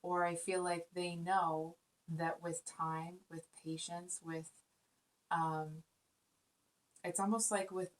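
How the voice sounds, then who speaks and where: A woman giving a casual spoken tarot reading, earnest and rambling, with many fillers and restarts. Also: fairly low pitch. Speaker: tarot reader.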